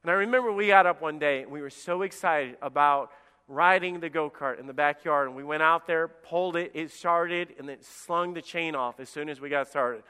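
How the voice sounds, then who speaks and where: A man preaching a sermon as pastor, animated, acting out voices of David and God. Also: a little high, normal speed, clean tone, in a large hall.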